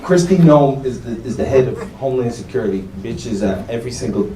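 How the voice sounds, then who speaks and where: Talking fast and expressively at a medium pitch, a man performs profane, brash stand-up and does crowd work in a comedy club. The mic sits far away, and the echoing room carries loud bursts of laughter.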